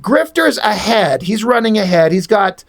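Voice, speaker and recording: A man's voice: high-pitched, animated, moderate pace. Rambling, profane male comic reviewer. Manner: rambling, profane, enthusiastic opinions. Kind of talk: casual spoken comic review.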